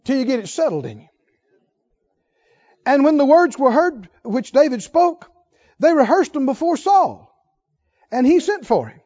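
A man's voice: very high-pitched, sing-song, unhurried, long pauses, dark tone, highs cut off. A man preaching a sermon, acting out the story's voices with energy and laughing along.

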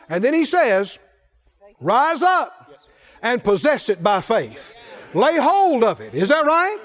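High-voiced man preaching with shouted refrains. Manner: emphatic call-and-response preaching with shouted refrains. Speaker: pastor. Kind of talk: sermon.

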